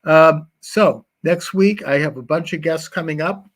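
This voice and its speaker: A man's voice: a little high, measured pace. A man hosting a live talk show, thanking his guest and chatting through plugs in an affable way.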